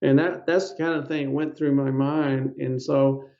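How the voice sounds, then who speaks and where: A man's voice: mid-range voice, level tone, moderate pace, vocal fry. An older man, a podcast guest, telling a long personal story in a rambling way and acting out the dialogue of the people in it. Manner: rambling, acts out quoted dialogue. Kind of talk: anecdotal storytelling. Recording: dull lo-fi audio.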